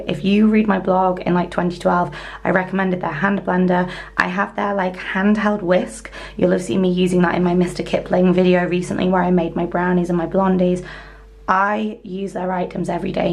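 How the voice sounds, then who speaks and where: A young woman vlogging casually from a hotel room, gushing and excitable with soft whispered asides, her voice going hoarse. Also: on the low side. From northern England. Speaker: lifestyle vlogger. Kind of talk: casual vlog chat.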